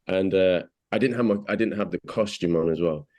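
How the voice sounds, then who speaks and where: Deep-voiced English man, chatty and halting. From England. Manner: hesitant, many restarts and fillers, animated when quoting. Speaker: actor being interviewed. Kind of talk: casual interview chat.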